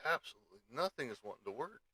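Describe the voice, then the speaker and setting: A man's voice: mid-range voice, very animated, rapid-fire, bright, forceful tone, slightly rough, no echo. A man hosting a casual live stream, grumbling and swearing in frustration at his misbehaving computer. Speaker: show host.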